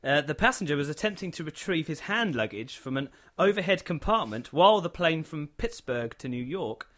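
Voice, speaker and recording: A man's voice: fairly high pitch, expressive, brisk, fairly bright tone. An English man co-hosting a comedy podcast, reading a news story aloud with amusement. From England. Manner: amused, easily laughing. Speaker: podcast co-host. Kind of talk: casual comic chat and reading news aloud.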